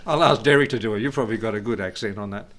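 A man's voice: on the low side, rapid-fire, background noise. A middle-aged man preaching as a pastor in an informal, digressive way, chuckling often between his points. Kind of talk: informal sermon.

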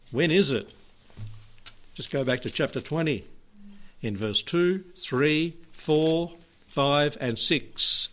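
Chuckling man preaching a sermon. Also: medium pitch. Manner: conversational preaching, asks the congregation questions, chuckles often; reads scripture slowly and emphatically. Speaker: pastor.

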